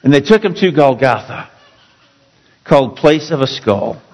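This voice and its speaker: Male pastor, emphatic sermon delivery, lightly raised pitch, ringing hall sound. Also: animated, unhurried, dull audio. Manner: dramatic, emphatic storytelling with sudden drops to quiet.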